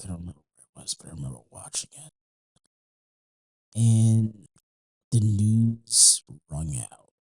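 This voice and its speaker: A man's voice: on the low side, warm tone, slightly rough, no echo, low-quality recording. Rambling, swearing young man host. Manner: rambling, emotional, swears often, many fillers and restarts. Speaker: podcast host. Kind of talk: casual monologue.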